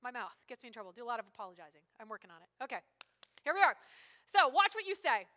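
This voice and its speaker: A woman pastor preaching a sermon in a lively, joking, conversational way. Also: fairly high pitch, quick pace. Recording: long hall reverb.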